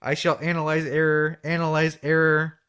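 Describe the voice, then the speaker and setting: A man's voice: on the high side, monotone, normal speed, a bit bright, clean tone, lightly acted. Man reading lines as a rigid robot probe. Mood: flat. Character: male spaceship computer probe, cold, rigid.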